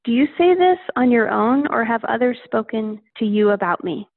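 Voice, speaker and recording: A woman voicing a calm, earnest man on trial in a Bible reading. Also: a little high, normal speed, creaky, dry recording. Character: calm male teacher on trial. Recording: tinny phone-like line.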